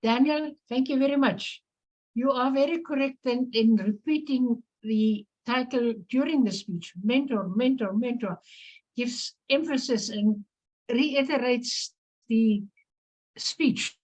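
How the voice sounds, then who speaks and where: A woman's voice: high-pitched, takes it slowly, darkish tone, poor audio. A woman chairing a club meeting, politely thanking speakers and introducing the next one. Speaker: meeting host.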